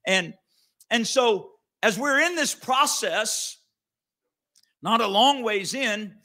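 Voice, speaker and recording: A man's voice: extremely high pitch, expressive, slow, bright, forceful tone. A middle-aged man, a pastor, telling a story in an earnest, conversational sermon with frequent restarts.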